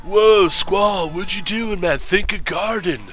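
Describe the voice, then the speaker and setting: A man putting on a Californian accent as a laid-back surfer dude with a drawn-out drawl. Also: sits high, fairly bright tone, soft background music, voice pushed up. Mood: spacey.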